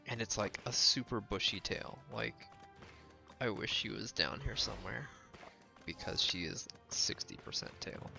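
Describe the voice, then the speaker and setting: A man's voice: fairly low pitch, a little slow, creaky, music in the background. A man casually chatting with his viewers during a live game stream, rambling with lots of "like" and laughing often. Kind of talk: casual live-stream chat while playing.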